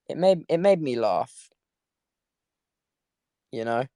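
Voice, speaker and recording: A man's voice: medium pitch, animated, takes it slowly, mellow, dry recording. Tired, rambling young Englishman. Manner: rambling storyteller, laughing, many restarts. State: tired from little sleep. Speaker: host. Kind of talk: casual chat on a live audio stream. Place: sitting in bed at home.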